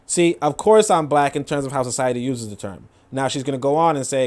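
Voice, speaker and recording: A man's voice: mid-range voice, brisk, hardly any pauses. A man commenting casually on a clip, rambling with many fillers. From New York. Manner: rambling, filler-heavy, acts out quoted voices.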